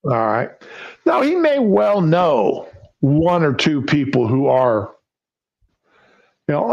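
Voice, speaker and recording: A man hosts a casual talk stream, speaking at a slow, drawn-out pace. He is folksy and answers his own rhetorical questions. The audio is dull and lo-fi. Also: on the high side, big pitch swings, vocal fry, darkish tone. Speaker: livestream show host. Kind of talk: casual political chat.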